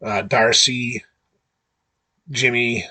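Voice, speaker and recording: A man's voice: medium pitch, steady tone, very slow, sharp tone. A man hosting a show, recapping an episode in a rambling, casual way with many fillers. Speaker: host.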